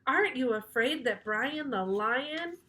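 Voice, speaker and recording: A woman's voice: high voice, animated, measured pace, pushed and bright, far from the mic, full character voice. A woman voicing a worried female teacher in a storybook reading, asking anxious questions.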